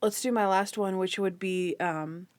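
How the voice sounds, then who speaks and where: A woman's voice: medium pitch, unhurried. A woman hosting a podcast, chatting casually and giggling as she recaps a TV show. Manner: chatty, giggly, acts out scenes in quotes. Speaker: podcast host.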